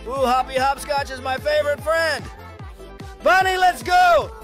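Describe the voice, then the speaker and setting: A man reacting to short videos, talking to his viewers in an excitable, shouty way full of exclamations. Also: extremely high pitch, a little slow, faint music behind.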